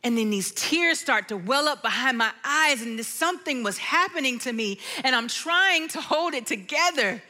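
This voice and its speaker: A middle-aged woman giving a sermon testimony, telling her story expressively, dropping to hushed tones and singing bits of lyrics. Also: high-pitched, lively intonation, moderate pace, few pauses. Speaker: worship leader giving testimony.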